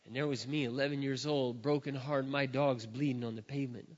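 A middle-aged man preaching, telling a story with lively acted-out barks and shouts. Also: medium pitch, fairly quick. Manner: animated storyteller, acts out barking and shouting. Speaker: pastor. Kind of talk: sermon storytelling. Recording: dull sound with long hall reverb.

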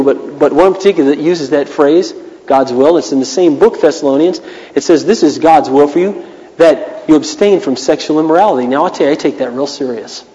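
A middle-aged male pastor preaches in an earnest, confessional way, now and then breaking into emphatic outbursts. His voice sits fairly high for a man. The sound carries a long reverb, like a big hall. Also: darkish tone. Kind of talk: sermon.

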